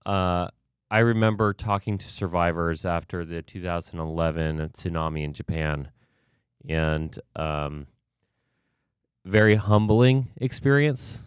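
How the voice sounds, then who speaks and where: A man with a very low, smooth, resonant voice talks thoughtfully about his work, pausing on filler words. The sound is close and dry. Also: no echo. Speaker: emergency response expert, guest. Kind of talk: conversational interview.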